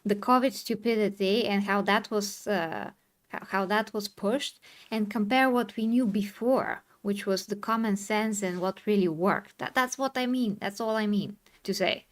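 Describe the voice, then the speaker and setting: A woman's voice: medium pitch, fairly even intonation. Earnest woman streamer arguing her point. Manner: earnest, insistent, quick to apologize. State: tired from talking. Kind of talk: live stream discussion.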